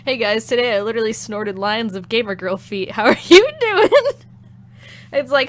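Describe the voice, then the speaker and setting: A woman's voice: a little high, expressive, moderate pace. A woman streamer chatting casually while playing a game, giggly, crude and rambling. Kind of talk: casual gameplay chat.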